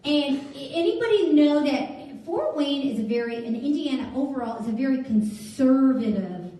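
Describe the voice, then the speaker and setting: High-voiced woman speaking in an echoey hall. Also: expressive, normal speed, mellow, distant mic. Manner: chatty storyteller, asks the audience questions. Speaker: jewelry stylist giving a talk. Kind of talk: motivational stage talk to an audience.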